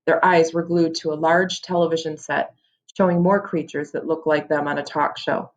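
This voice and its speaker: Low-voiced woman reading a novel aloud. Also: steady tone, moderate pace, lo-fi sound. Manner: self-correcting, casual. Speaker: audiobook reader.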